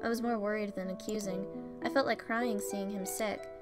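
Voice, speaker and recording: A woman's voice: medium pitch, fairly even intonation, normal speed. A woman reading a visual novel game aloud, narrating plainly and breaking in with swearing and joking reactions. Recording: faint music behind.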